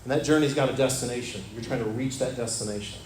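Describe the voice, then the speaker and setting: A man's voice: fast, a little hiss or hum. Earnest male pastor in an echoey church. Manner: earnest, drops to a soft low voice on scripture, repeats phrases. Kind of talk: sermon. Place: church sanctuary. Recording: echoey church room with faint ambience.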